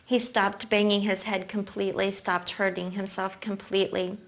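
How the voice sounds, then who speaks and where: A woman's voice: mid-range voice, little pitch movement. Earnest woman telling a tearful story. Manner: earnest, halting storytelling, breaks into soft singing. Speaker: testimony speaker. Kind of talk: emotional personal testimony.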